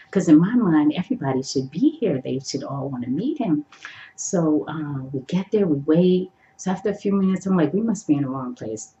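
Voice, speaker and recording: A middle-aged woman vlogger telling a personal story in an animated way, acting out her own thoughts and swinging from hushed asides to high exclamations. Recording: echoey room, dull lo-fi sound.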